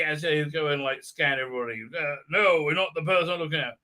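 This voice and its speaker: A man's voice: a little high, fairly quick, hardly any pauses, sharp tone. A man recapping a show on a live stream, mocking it and acting out the characters in silly voices, with many fillers.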